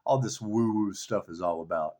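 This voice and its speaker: This tarot reader's voice is lowish and dark, moving at a normal speed. He rants casually and profanely about spiritual things with a sardonic edge, drifting from thought to thought.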